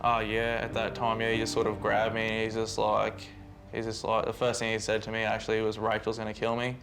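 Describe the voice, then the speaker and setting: A young soldier recalls events in a casual, rambling way. His delivery is very flat and a little low. Music runs behind him. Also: brisk, gravelly. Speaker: fellow soldier. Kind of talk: TV interview recollection. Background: music underscore.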